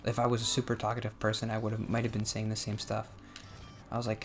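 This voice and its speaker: Gravelly young man, rambling over music. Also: fairly low pitch, completely flat delivery, normal speed, pauses often. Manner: rambling and self-reflective, with soft laughs. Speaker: gaming vlogger. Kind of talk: casual talk while playing a game. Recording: music playing underneath.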